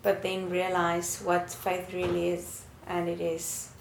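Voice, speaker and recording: A woman's voice: lowish voice, monotone, takes it slowly, vocal fry, a little hiss or hum. A woman sharing in a church study group, leaning on fillers and repeating herself. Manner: leans on fillers, repeats "you know". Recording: echoey room.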